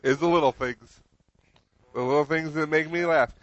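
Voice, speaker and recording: A man's voice: a little high, steady tone, moderate pace, fairly bright tone, no echo, muffled recording, pitched above the performer's own voice, lightly acted. A man doing a smug house cat.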